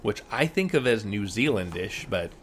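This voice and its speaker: Going over TV episodes on a laid-back podcast, this co-host wanders into dry digressions and keeps restarting his sentences. His lowish voice is animated and at normal speed, with slight background noise.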